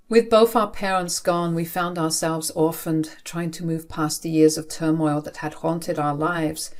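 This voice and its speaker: A woman in her twenties telling her own life story in the first person, in a steady, earnest way. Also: deep voice, measured pace, hardly any pauses. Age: 20s.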